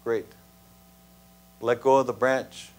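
A man preaching in a church, voicing God in a story, speaking calmly, slowly and reassuringly. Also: medium pitch, close to an everyday voice. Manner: calm, slow, gently reassuring. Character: calm, patient God speaking from above. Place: church sanctuary.

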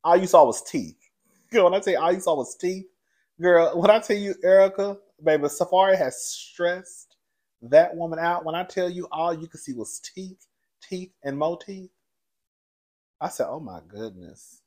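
A fairly high-voiced man gives a gossipy recap, loose and conversational. He is sassy and animated, swoops his voice up and down, and breaks into laughter as he calls everyone "girl". It sounds like a host talking straight to his regular viewers. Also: normal speed. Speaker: show reviewer and host. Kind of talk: casual reality TV recap commentary.

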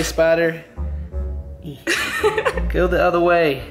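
A man's voice: high-pitched, big pitch swings, a little slow, long pauses, faint music behind. A man vlogging at home, casual and playful, cracking jokes and humming silly sound effects. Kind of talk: casual family vlog. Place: at home indoors.

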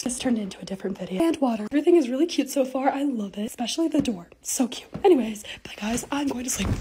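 A young woman vlogger with a high voice talks quickly and brightly. Her pitch swings widely as she chats. There is faint noise in the background. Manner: bubbly, chatty, easily excited. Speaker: lifestyle content creator. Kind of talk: casual vlog voice-over.

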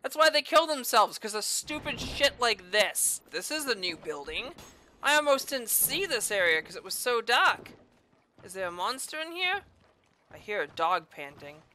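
A woman giving casual gameplay commentary as a let's play host, loud and exclamatory, swearing heavily. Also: fairly high pitch, sing-song, moderate pace, a little hiss or hum.

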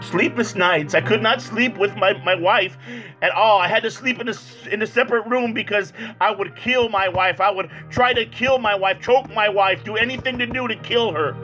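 High, bright-voiced man giving testimony. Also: faint music behind, poor audio. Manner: earnest, halting, repeats words. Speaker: evangelist. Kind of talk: personal testimony. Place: church.

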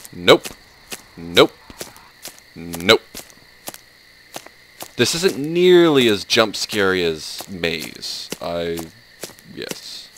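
A man's voice: fairly low pitch, pushed and bright, slight background noise, poor audio. A man giving sarcastic, jumpy commentary on a horror game, yelping and laughing at the scares. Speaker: let's play host.

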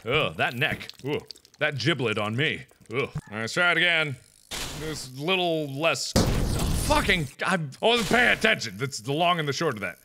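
A young man giving loud, jokey let's-play commentary, swinging between deep mutters and high yelps. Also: very animated, moderate pace, background noise. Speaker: gaming video host.

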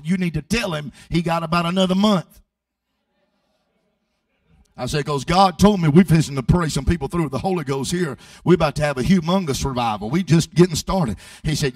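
A man preaching and telling a story, moving from quiet telling to loud, sung shouts and often repeating words as he restarts. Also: a little high, no room sound, clean studio sound, far from the mic. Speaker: evangelist preacher. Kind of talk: sermon with storytelling.

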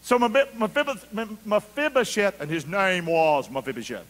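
A man preaching a sermon as pastor, calling for answers from the congregation and swinging from quiet asides to loud shouts. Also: sits high, normal speed. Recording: long hall reverb.

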